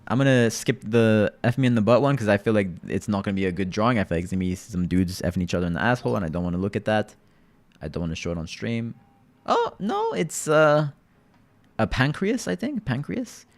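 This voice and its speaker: A man streaming live and chatting casually with his viewers, talking in a laid-back, rambling way and often addressing the chat directly. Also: medium pitch.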